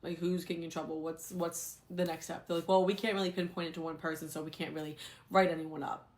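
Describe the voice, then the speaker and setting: A young adult woman, a former teacher, telling a story in a casual, animated, exasperated way. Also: low-pitched, fast.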